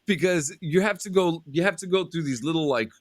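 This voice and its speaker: A man's voice: fairly high pitch, fairly quick, dry recording. A man telling a story in a casual podcast chat. He swears a lot and acts out the people he quotes. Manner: animated, profane, acts out shouted quotes. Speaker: podcast host.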